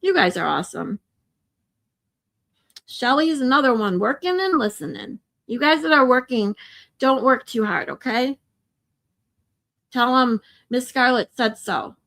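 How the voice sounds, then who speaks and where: A woman's voice: sits high, animated, measured pace, creaky, pauses often, fairly bright tone. A woman hosting a casual livestream, talking to viewers in an emotional, chatty way with a lot of swearing. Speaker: livestream host.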